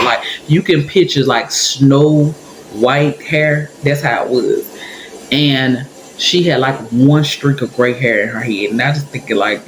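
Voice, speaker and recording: A woman telling a personal story straight to her viewers in a casual, animated way, acting out what people said. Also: low voice, roomy sound, slight background noise, poor audio. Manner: animated, talks to viewers directly and acts out quotes. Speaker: storyteller vlogger.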